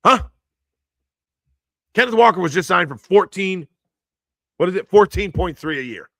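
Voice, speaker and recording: Hoarse, excitable man on a live stream. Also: high voice, normal speed, no echo, studio quality. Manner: excitable, laughs often, reads chat aloud. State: hoarse from screaming. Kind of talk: casual live-stream chat about football news.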